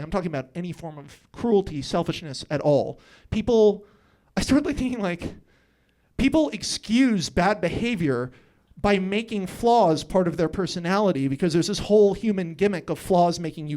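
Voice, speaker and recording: Animated man telling a story on stage. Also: sits high. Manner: animated, often laughing mid-sentence, acts out his own thoughts. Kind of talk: live personal storytelling on stage. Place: live storytelling show before an audience.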